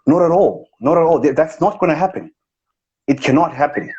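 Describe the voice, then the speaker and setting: A man's voice: fairly high pitch, brisk, a little mellow, breathy edge. A man playing a boastful male motivational speaker with a put-on posh accent, bragging grandly in a comic impression. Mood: smug. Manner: grandiose, self-important bragging. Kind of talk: comic impression in a live chat. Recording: dull lo-fi livestream audio.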